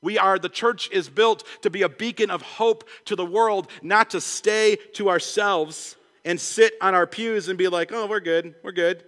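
High, bright-voiced passionate young preacher. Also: male voice. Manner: passionate, fast-talking preacher with many restarts and acted quotes. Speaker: pastor. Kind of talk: sermon. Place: church sanctuary. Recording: long church hall reverb.

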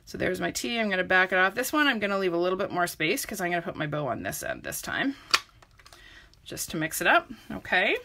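A woman's voice: on the low side, very animated, a little fast, creaky, background noise. A woman giving a chatty live craft tutorial, talking viewers through each step and greeting them by name. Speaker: papercraft demonstrator.

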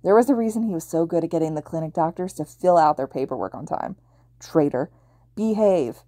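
A woman's voice: deep voice, expressive, warm tone, dry recording, studio quality. A woman reading fan fiction aloud in a casual narrating manner. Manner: quick, casual narration with slips. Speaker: podfic reader.

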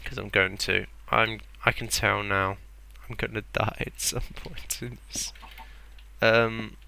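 A man's voice: fairly low pitch, little pitch movement, slow, creaky, bright, forceful tone, a little hiss or hum. A young man rambling and mocking himself as he plays a block-building game. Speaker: gameplay commentator. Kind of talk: casual Let's Play commentary.

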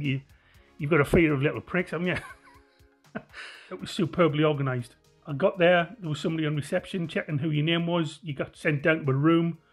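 Man, Sunderland accent, husky, slightly high voice, faint music behind. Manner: chatty, jokey storytelling. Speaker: podcast co-host. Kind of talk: casual chat.

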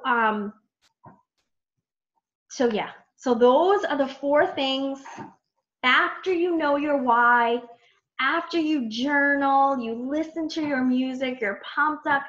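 Chatty woman coach on a muffled call. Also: sits high. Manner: chatty, animated, many fillers and quoted self-talk. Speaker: team coach leading a training call. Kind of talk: casual training talk.

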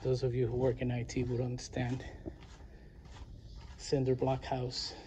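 A man casually narrating a walking tour of his garden and property outdoors, chatty and relaxed, saying y'all. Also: medium pitch, unhurried, slight background noise. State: winded near the end. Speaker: vlogger giving a garden tour.

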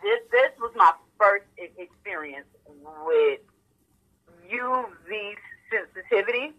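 A woman's voice: medium pitch, lively intonation, slow, muffled recording. A woman guest in an interview, telling her personal story candidly with many stammered restarts.

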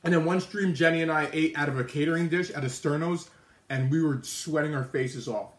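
In an echoey indoor kitchen with an oven and microwave, a livestream host eats on camera and chats casually, mouth full, answering comments from viewers. His voice is on the high side and a little fast.

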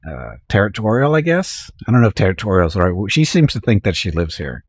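Deep husky-voiced man chatting while gaming. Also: very animated, quick pace, dry recording, studio quality. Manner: rambling storyteller, chuckles often. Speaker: streamer. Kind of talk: casual gameplay chat.

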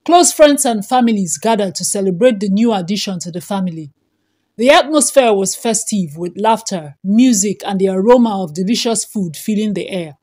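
A woman narrating a folktale in an expressive, dramatic storytelling style. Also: mid-range voice, normal speed.

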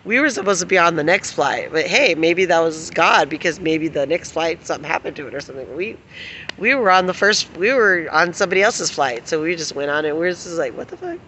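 A middle-aged woman chats straight to camera in a bright, forceful voice, rambling from one story to the next. She laughs often as she talks and swears without a second thought. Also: low voice, lively intonation, fairly quick, a little hiss or hum. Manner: giggly, laughs often while telling stories. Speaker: vlogger.

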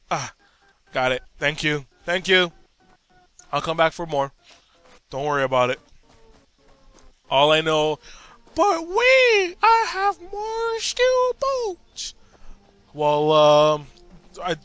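Man doing gameplay commentary, bright voice, unhurried talk, excitable and jokey, faint game music behind. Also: on the high side, no room sound. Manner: excitable, jokey, talks back to game characters.

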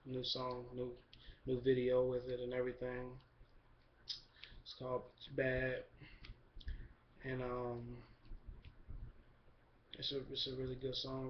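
A young man giving a relaxed, rambling video update, full of fillers and shout-outs. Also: medium pitch, a little hiss or hum. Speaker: vlogger. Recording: dull lo-fi camera recording.

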